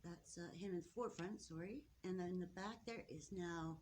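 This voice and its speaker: A woman filming her pet finches indoors, talking casually and haltingly, upset and close to tears, often apologizing and restarting. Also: lowish voice, a little mellow, a little hiss or hum. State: tearful, upset. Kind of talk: casual off-the-cuff narration to camera. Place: indoors at home near a birdcage.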